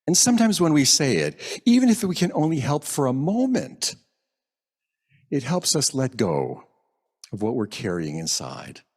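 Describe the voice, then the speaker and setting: A man preaching a sermon at a church service, gentle and reflective, lingering over quoted phrases. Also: mid-range voice, huge pitch swings, measured pace, slightly rough. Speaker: minister. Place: church sanctuary.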